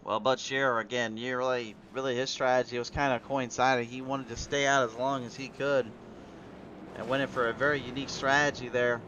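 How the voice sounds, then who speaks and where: A man's voice: mid-range voice, brisk, dull audio, a little hiss or hum. A man from Iowa giving sim racing play-by-play commentary, chatting with viewers between calls. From Iowa, USA. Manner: chatty, reads viewer chat aloud, rises to excited calls. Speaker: race commentator.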